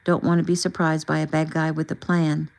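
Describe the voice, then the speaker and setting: A woman narrator voicing a brisk, kindly, fatherly male police chief. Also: a little high, monotone, vocal fry, clean tone, poor audio.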